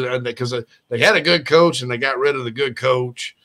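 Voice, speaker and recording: A man hosting a sports podcast, chatting casually in a rambling, animated way with frequent restarts. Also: medium pitch, brisk, hardly any pauses.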